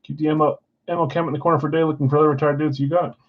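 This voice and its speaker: A man's voice: a little high, little pitch movement, racing, narrow, tinny audio. A man hosting a live card break from a card shop, reading out names and teams in a casual, tired way. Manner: casual, reads names off a list, tired and yawning.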